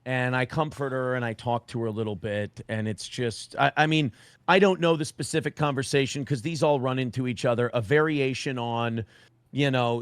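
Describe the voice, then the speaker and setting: This guest, a man in his forties, recounts a story on a stream with blunt, profane language, acting out others' lines in an animated way. He has a smooth, medium-pitched voice at a normal speed, recorded without echo.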